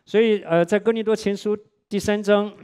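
A man preaching a church sermon in short, earnest, repeated phrases, pausing for an interpreter. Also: sits high, fairly even intonation, a little mellow, clear, resonant tone.

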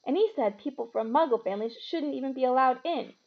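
A woman voicing a quiet, curious eleven-year-old boy wizard who answers shortly, read aloud from a storybook. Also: sits high, fast, dull audio, voice pushed up. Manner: short, plain replies.

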